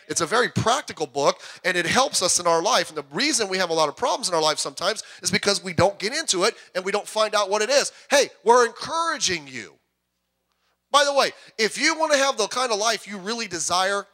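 A man's voice: on the high side, bright, forceful tone. A man pastor preaching a sermon in a church, talking in a conversational way with asides and jokes. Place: church sanctuary.

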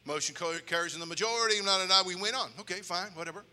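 Animated high-voiced preacher in a church. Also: male voice, quick pace. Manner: animated, acts out voices and shouts. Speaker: pastor. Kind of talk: storytelling sermon. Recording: long reverb of a church hall.

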